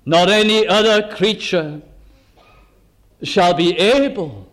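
A man with a high voice preaches at an unhurried, measured pace. He poses rhetorical questions to his listeners and lays out words one at a time. His delivery is deliberate and steady throughout. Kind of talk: sermon.

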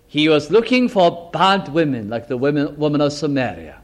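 A man preaching a sermon, quoting scripture in old English and dropping his voice low and soft for emotional asides. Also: expressive, normal speed.

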